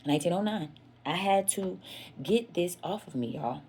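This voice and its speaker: A woman's voice: fairly low pitch, normal speed, a little mellow, a little hiss or hum. A woman telling a candid personal story to her viewers in an earnest, confessional way. She repeats herself for emphasis and often speaks to her listeners as "y'all.".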